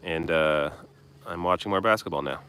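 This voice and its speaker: A young man with a deep, low-pitched voice reads viewer comments aloud and answers them on a live stream. He talks bluntly and casually, tossing in the odd swear. He's recording outdoors. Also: normal speed, fairly bright tone, smooth. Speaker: political commentary host. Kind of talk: live stream Q&A reading chat.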